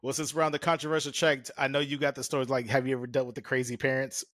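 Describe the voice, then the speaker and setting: A man's voice: mid-range voice, little pitch movement, rapid-fire, a bit bright, no echo. A man hosting a podcast in casual chat, joking, laughing often and swearing freely. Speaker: podcast host.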